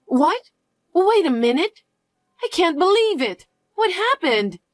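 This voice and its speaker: Woman doing a high, lively young daughter, incredulous and questioning, dry close mic. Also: slow, no echo, heavily acted. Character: suspicious young adult daughter, sharp and doubtful. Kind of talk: dialogue story acting.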